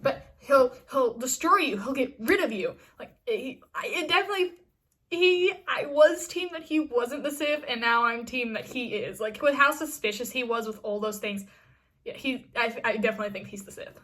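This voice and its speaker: A woman's voice: on the high side, moderate pace, fairly bright tone. A woman casually recapping a TV episode in a chatty vlog, full of fillers and restarts. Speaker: TV episode reviewer.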